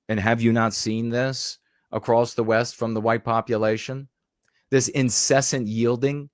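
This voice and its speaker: A man's voice: medium pitch, steady tone, normal speed, no room sound, studio quality. A man giving a rhetorical, indignant commentary monologue, repeating phrases for emphasis. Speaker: political commentator.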